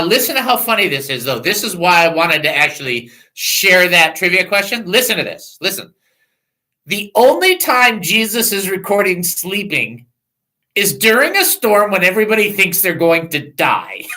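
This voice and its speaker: Hosting a Christian call-in radio talk show, this man speaks into a studio mic with a voice that sits high. He's animated, laughs a lot, and tosses in jokes, though the recording is rough.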